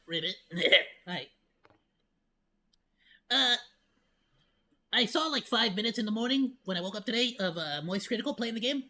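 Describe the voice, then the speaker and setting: An excitable streamer reacting live to a video, rambling along with sarcastic asides. The voice is bright and forceful and swings widely in pitch. The talk stays loose and unscripted. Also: quick pace, hardly any pauses. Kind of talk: casual live reaction commentary.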